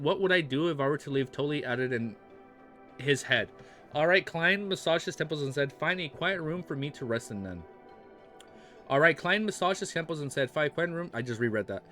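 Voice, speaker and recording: Young American male streamer, bright and fairly high voice, reads aloud and chats loosely with viewers, faint music behind. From United States. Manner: chatty, stumbles over words, says dude and bro. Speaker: streamer reading a web novel aloud. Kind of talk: casual reaction stream, reading aloud.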